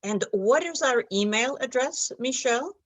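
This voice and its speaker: A woman's voice: a little high, animated, normal speed. A woman hosting a scripted talk show, emphatic in manner and repeating words for stress. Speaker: host.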